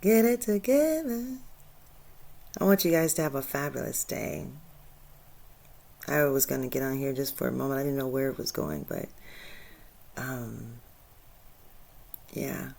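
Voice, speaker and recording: A woman hosting her own spiritual channel, talking casually and with feeling, laughing often and swinging from soft to loud. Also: a bass voice, steady tone, moderate pace, gravelly, long pauses. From Michigan. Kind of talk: casual inspirational monologue.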